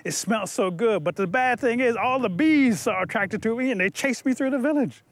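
A man voicing a shy, lovesick young man, speaking softly and earnestly. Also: very high voice, fairly quick, no room sound. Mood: rattled.

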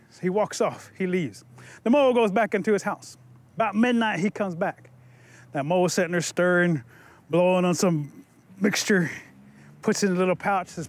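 A man telling a traditional story in a lively, playful way with asides to listeners. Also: high voice, brisk, dry recording.

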